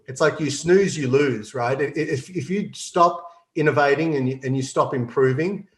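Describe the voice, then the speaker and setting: A man's voice: medium pitch, normal speed, roomy sound. Man, confident business explainer. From Australia. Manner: confident, explanatory, laughs often. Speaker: CEO guest. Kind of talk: business interview.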